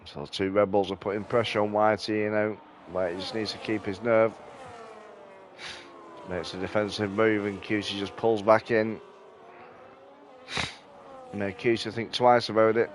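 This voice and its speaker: A man's voice: on the low side, measured pace, long pauses, slight background noise. Sleepy, laid-back male race commentator. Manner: relaxed, sleepy, yawning between calls. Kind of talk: casual live-stream race commentary. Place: at home on a sofa.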